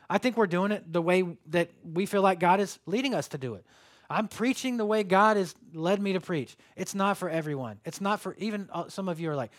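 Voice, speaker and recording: A man, preaching a sermon in a conversational, joking way that rises to emphatic calls. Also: high-pitched. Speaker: pastor.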